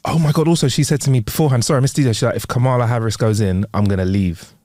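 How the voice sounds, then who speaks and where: A man co-hosting a podcast, telling stories casually and quickly, often laughing. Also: medium pitch, a little mellow, no echo, studio quality. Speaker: podcast co-host. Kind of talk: casual chat.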